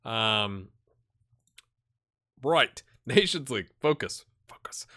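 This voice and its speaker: A man hosting a gaming channel, thinking aloud in casual commentary and talking straight to his virtual players. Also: measured pace. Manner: animated, jumps high when excited.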